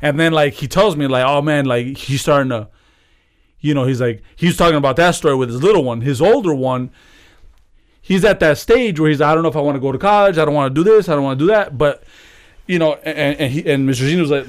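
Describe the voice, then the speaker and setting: Animated, profane male storyteller. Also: a little high, fairly quick. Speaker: podcast co-host. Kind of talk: casual chat.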